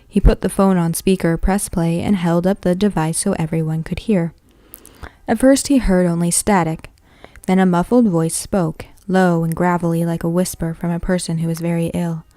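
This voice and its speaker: A woman's voice: fairly low pitch, steady tone, normal speed, warm tone, dry recording, clean studio sound. A woman reading a novel aloud in a plain manner, with occasional slips that she corrects. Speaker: reader.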